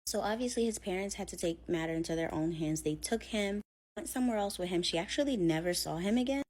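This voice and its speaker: A woman's voice: on the low side, quick pace, darkish tone. A woman telling a scary story in a chatty, casual way, full of fillers, acting out what people said. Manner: chatty, filler-heavy, acts out quotes.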